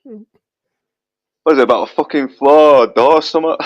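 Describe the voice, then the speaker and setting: Sardonic male co-host, crude jokes, unhurried and lively, muffled lo-fi sound. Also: on the high side. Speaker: podcast co-host. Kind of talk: casual movie commentary chat. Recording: dull lo-fi audio.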